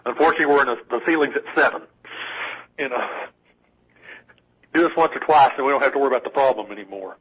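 A man's voice: mid-range voice, fast talker, long pauses, slightly rough. A man co-hosting a casual political talk radio show, rambling with many restarts and wry asides. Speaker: call-in co-host. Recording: dull lo-fi radio broadcast.

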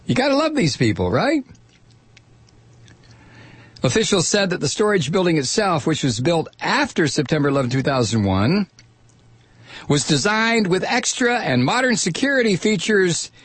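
A man's voice: medium pitch, husky, dry recording. A middle-aged man hosting a talk radio show, reading out a news story and mocking it with sardonic asides and laughter, close to a studio mic.

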